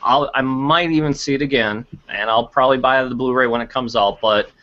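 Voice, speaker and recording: A man's voice: mid-range voice, a little fast. A man co-hosting a casual podcast chat, blunt and sarcastic, swearing freely. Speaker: podcast co-host. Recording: dull lo-fi podcast audio.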